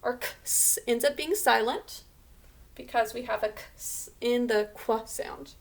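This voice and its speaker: A woman's voice: on the high side, unhurried, vocal fry. A woman teaching a remote spelling lesson to children, patiently sounding out words letter by letter.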